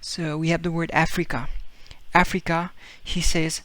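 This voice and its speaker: A man's voice: a little high, flat delivery, unhurried, a bit bright, no room sound. A man giving a casual video language lesson, explaining with fillers and repeating example words as he acts them out. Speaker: Spanish teacher.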